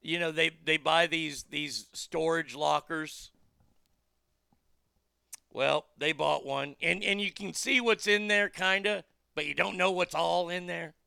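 A man's voice: a little high, slow pace, creaky, sharp tone, clear, resonant tone, no room sound, clean studio sound. A man hosting a talk show, ranting bluntly and swearing casually as he riffs on the news. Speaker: radio talk show host. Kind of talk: profane casual monologue.

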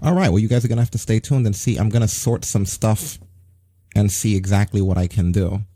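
Brief: male stream host, dark husky voice, easygoing chatter, dry close sound. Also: lowish voice, a little fast, no room sound. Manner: relaxed, chatty, laughs often. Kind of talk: casual wrestling news chat.

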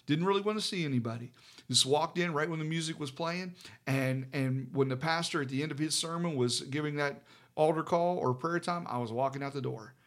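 Halting, storytelling male pastor. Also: a little high, a bit bright. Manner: halting, many fillers and restarts. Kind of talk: personal storytelling in casual conversation.

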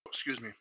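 The recording is dry yet muffled and lo-fi, capturing a young man's high voice with vocal fry, a sharp tone, and a breathy edge. He co-hosts a podcast, rambling casually through crude stories with plenty of swearing and laughter.

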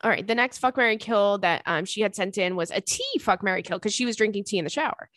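A young woman hosting a podcast in casual chat, animated and profane, laughing often between thoughts. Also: medium pitch, fast talker, no room sound, studio quality. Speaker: podcast host.

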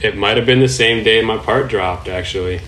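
A man's voice: on the low side, moderate pace, crowd noise, poor audio. A man talking as a podcast guest in a laid-back, casual way, swearing freely and laughing often. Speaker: podcast guest, professional skateboarder. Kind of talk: casual chat.

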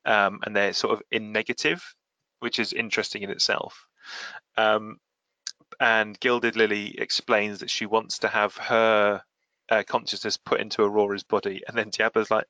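A man's voice: lowish voice, flat delivery, a little slow, pushed and bright, no echo, dull audio. A man hosting a casual comic-book podcast, recapping the plot with quoted lines and frequent laughs. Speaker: podcast host.

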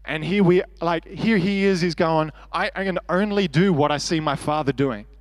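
A man's voice: a little high, moderate pace, no room sound. A man preaching a sermon in an earnest, conversational way, acting out quoted prayers and speech. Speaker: pastor. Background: soft worship band music.

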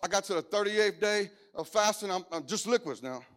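A middle-aged man preaching a sermon, mixing lively jokes and stories into his message. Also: high-pitched, brisk. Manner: lively, joking storytelling preacher style.

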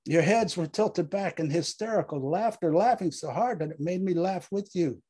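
A man's voice: high-pitched, expressive, moderate pace, warm tone, husky, voice pushed up. A man voicing a haunted male veteran platoon leader who pleads, grieves and snaps in anger. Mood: mournful. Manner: pleading, exasperated, grief-stricken.

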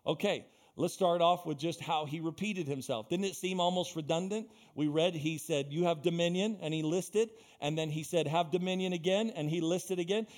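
A man's voice: on the high side, moderate pace, few pauses, darkish tone. A male pastor preaching a sermon in a church, building into fervent, repetitive exhortation.

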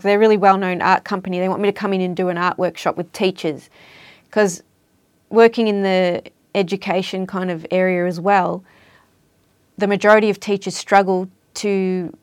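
A woman's voice: medium pitch, dry recording. A woman talking casually as an interview guest about language and culture, explaining things in a chatty way. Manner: chatty, explanatory, trails off at ends of points.

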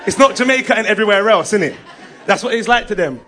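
Fast-talking man telling stories. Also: high-pitched. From England. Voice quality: animated, lively storyteller. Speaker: stand-up comedian. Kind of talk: live stand-up storytelling.

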